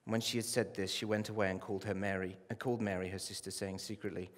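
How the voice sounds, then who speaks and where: A man preaching a sermon as a pastor, with impassioned delivery that rises to loud pleading and drops low. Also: little pitch movement, fast. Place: church. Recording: long hall reverb.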